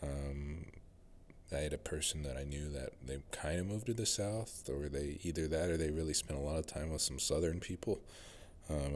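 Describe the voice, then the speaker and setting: A man with a General American accent, rambling through a casual solo monologue as a podcast host. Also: rumbling low. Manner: rambling, musing, many fillers and restarts.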